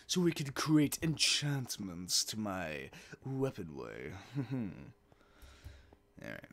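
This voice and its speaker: A man's voice: fairly low pitch, very animated, drawn-out words, creaky, fairly bright tone. A man giving casual, profane, joking commentary while playing a game, talking to himself and mumbling asides. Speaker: let's play gamer.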